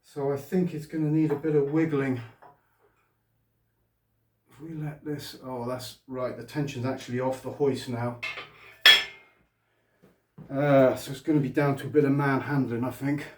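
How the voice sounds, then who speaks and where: A man's voice: mid-range voice, fairly even intonation, moderate pace, pauses often, dark tone. A man vlogging while he restores a vehicle in his garage, muttering to himself as he works and talking to a distant camera. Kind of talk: casual workshop vlog. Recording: echoey room, mic far off.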